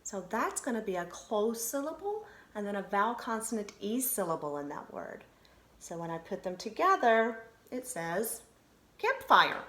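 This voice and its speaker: Woman, elementary teacher, slow deliberate phonics delivery, animated intonation, roomy recording with faint hiss. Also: medium pitch. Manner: slow, sounding out syllables and letters. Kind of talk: phonics lesson to children on video. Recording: roomy echo, faint noise.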